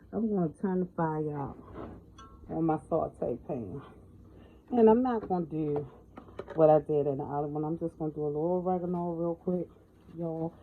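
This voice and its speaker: A woman's voice: low voice, phone-quality sound, background noise. A middle-aged woman giving a folksy, chatty cooking tutorial in her home kitchen, often calling out to viewers as y'all. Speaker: home cook.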